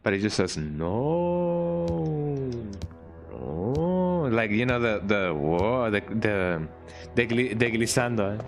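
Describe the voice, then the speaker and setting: A man's voice: on the low side, moderate pace, faint music behind. A man giving casual, rambling gameplay commentary while streaming, often tagging his sentences with "eh?" and restarting them. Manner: rambling, frequent "eh?" tag and restarts.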